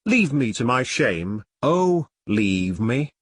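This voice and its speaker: A man reading aloud, voicing a young woman pleading in despair in a low, quivering tone. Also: big pitch swings, slow pace, fairly bright tone, breathy edge, no room sound, studio quality, heavily acted. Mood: despairing plea.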